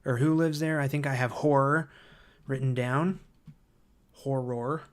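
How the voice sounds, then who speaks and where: A man hosting a livestream who reads viewer comments aloud and thinks out loud, hesitant and full of fillers, easily excited by ideas. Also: mid-range voice, a little slow. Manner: enthusiastic about ideas. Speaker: livestream host.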